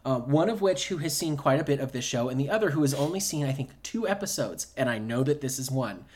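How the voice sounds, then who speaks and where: A man's voice: medium pitch, animated, a little mellow. Easygoing male podcast co-host. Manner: easygoing, measured, with frequent fillers. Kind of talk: casual chat.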